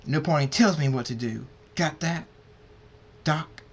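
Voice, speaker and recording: A man voicing a proud, hot-tempered male pony king in a read-aloud fan story, talking gruffly and commandingly. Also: mid-range voice, fairly even intonation, moderate pace, close to an everyday voice. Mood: stern.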